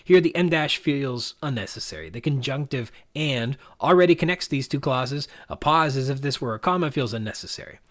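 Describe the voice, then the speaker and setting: A man hosting a podcast, talking through a novel's punctuation in a measured, reflective, analytical way. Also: mid-range voice, lively intonation, fairly bright tone. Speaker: podcast host.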